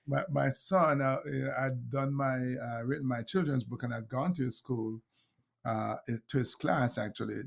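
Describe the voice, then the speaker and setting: Gravelly Jamaican man telling stories. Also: mid-range voice. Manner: animated storyteller, laughs often, acts out quotes. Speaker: guest, motivational speaker. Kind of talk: interview storytelling.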